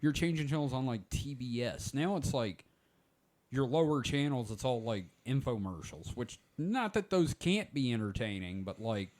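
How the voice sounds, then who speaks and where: A man's voice: medium pitch, expressive, normal speed, a little mellow. A man in his forties hosting a podcast, telling rambling stories in casual chat. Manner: rambling storyteller, many "like" fillers. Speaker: podcast host.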